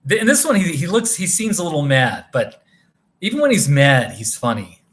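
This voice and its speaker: A man's voice: on the high side, very animated, moderate pace, fairly bright tone. A man live-streaming from a motel room, rambling casually with many restarts as he answers viewers' comments.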